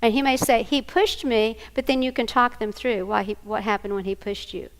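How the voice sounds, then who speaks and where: A woman's voice: mid-range voice, a little fast, poor audio. A woman giving a training workshop, animatedly acting out scenes with volunteers. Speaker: workshop presenter. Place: conference room before an audience.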